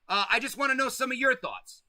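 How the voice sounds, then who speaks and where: A man's voice: very high-pitched, lively intonation, a little fast, sharp tone, dry recording. A man hosting a casual livestream, talking loosely with slang and swearing and stretching out words for emphasis. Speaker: host.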